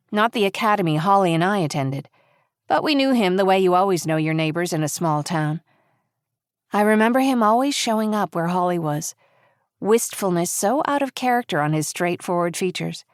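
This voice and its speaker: A woman giving measured, reflective first-person audiobook narration. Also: fairly low pitch, no echo, clean studio sound. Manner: measured, reflective, quietly intimate.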